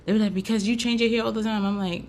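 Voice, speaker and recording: Chatty gravelly Haitian-born woman host. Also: on the high side, fairly even intonation, racing, a little mellow, a little hiss or hum. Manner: chatty, loose, full of fillers. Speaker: podcast host and braider. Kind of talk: casual chat.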